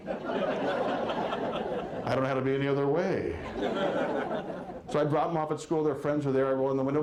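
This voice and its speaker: A man in his forties doing a stand-up comedy set, telling wry stories with quick quoted asides. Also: mid-range voice, flat delivery, echoey room, a crowd in the background, background noise. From Wisconsin. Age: 40s. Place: live comedy venue with audience.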